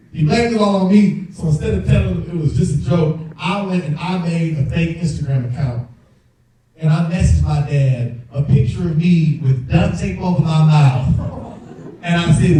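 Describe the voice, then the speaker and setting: A young male comedian on stage, his voice a little high and swinging widely as he tells stories and acts out characters. The sound is very echoey, the mic is heard from a distance, and the crowd laughs in the background. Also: a little fast. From Dominican family. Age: young adult. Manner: animated storytelling, acts out voices, chats with the crowd. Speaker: stand-up comedian. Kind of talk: stand-up set with crowd work. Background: audience laughter.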